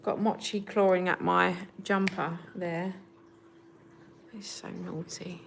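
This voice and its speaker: A woman's voice: lowish voice, flat delivery, takes it slowly, gravelly, noisy background. A woman hosting a casual livestream from home, chatting with viewers and talking to her cats. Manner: chatty, talks to her cats in a soft baby voice. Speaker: livestream host.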